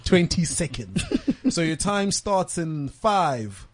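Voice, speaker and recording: A fairly high-voiced man hosts a radio show. He talks in a chatty, energetic way, quickly counting callers down and cutting them off. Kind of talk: casual radio hosting.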